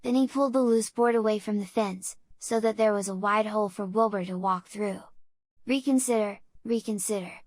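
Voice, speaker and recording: A woman narrating a children's audiobook in a measured, unhurried way. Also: medium pitch, steady tone, dry recording.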